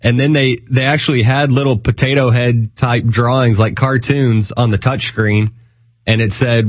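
A man's voice: mid-range voice, steady tone, normal speed, no echo. A man co-hosting a talk radio show, giving wry, dismissive comments. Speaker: co-host.

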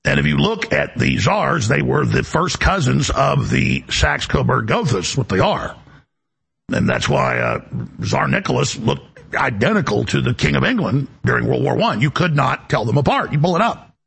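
A man's voice: medium pitch, huge pitch swings, moderate pace, gravelly, fairly bright tone, breathy edge. A male talk show host delivering an emphatic, rambling political monologue, often repeating words as he goes.

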